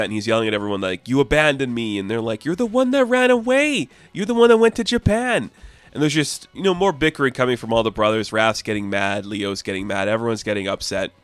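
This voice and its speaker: A man talking through a comic book review in an enthusiastic, chatty way, with quick plot recaps. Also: on the low side, a bit bright, no echo.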